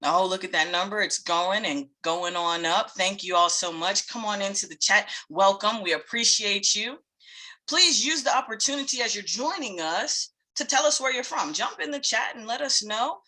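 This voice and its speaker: A woman hosts a live online webinar, welcoming attendees by where they are joining from. Her voice is bright and forceful, and she keeps an upbeat, laughing tone, heard through a computer mic. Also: mid-range voice, normal speed. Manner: upbeat, greets attendees by location, laughs often. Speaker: webinar host and facilitator.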